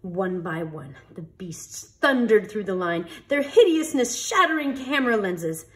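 Animated woman reading a storybook. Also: medium pitch, measured pace. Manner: expressive, animated read-aloud. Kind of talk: reading a picture book aloud.

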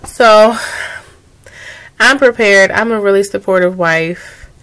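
A woman's voice: mid-range voice, takes it slowly, a bit bright, clean tone. A young adult woman talking through her video diary, weary and emotional, rambling. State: tired. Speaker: vlogger.

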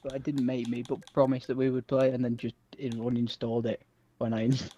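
A man's voice: medium pitch, completely flat delivery, brisk, warm tone. A man chatting casually while gaming with friends, rambling with frequent restarts and self-corrections. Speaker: gamer friend. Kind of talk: casual gaming banter over voice chat.

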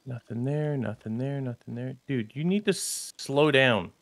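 A man's voice: mid-range voice, dry recording. A man co-hosting a gaming channel, chatting casually during a zombie game and repeating short phrases. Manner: slow, laid-back, repeats short phrases. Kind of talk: casual gameplay chat.

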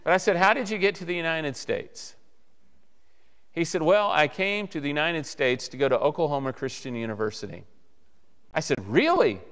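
Male preacher, storyteller type; resonant, slightly high voice; reverberant church sound. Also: moderate pace. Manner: animated storyteller acting out dialogue. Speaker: guest preacher. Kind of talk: sermon storytelling. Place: church sanctuary.

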